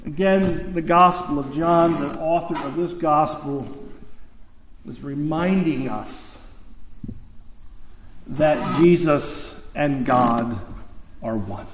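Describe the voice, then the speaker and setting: Guy preaching slow and chatty, high voice, big roomy hall sound. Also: background noise. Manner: conversational, asks the listeners questions. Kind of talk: sermon.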